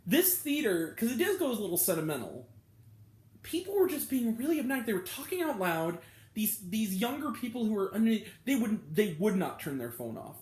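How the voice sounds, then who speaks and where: A man hosting his own movie review vlog, talking casually and ranting with pitch jumping up when annoyed. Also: very animated, fairly quick, darkish tone, roomy sound.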